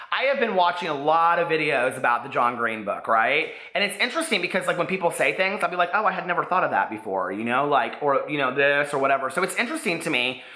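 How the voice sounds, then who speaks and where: A man who runs a book vlog, talking in a chatty, animated and self-deprecating way. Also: a little high. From United States. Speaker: book vlogger. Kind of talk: casual chat. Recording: echoey room.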